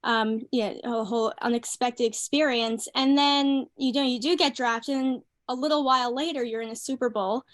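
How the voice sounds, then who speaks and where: A woman's voice: on the high side, fairly even intonation, moderate pace, hardly any pauses. A young woman hosting an interview, asking questions in an eager way with fillers. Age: young adult. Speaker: interview host.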